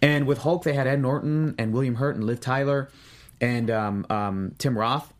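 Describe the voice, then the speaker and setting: A man's voice: medium pitch, normal speed. A man co-hosting a casual chat, eager and a bit repetitive. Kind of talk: casual pop-culture chat.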